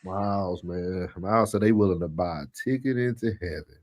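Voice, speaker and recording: A man co-hosting a livestream, reacting with slow drawn-out murmurs and casual remarks. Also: low voice, darkish tone, a little hiss or hum. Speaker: livestream co-host.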